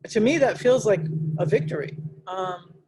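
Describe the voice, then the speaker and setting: An American woman answers interview questions in an unhurried, reflective way. She stops often, restarts her sentences and fills the gaps with small fillers. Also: medium pitch, lively intonation, background noise. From United States. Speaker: interviewee, graphic novelist. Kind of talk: casual interview conversation.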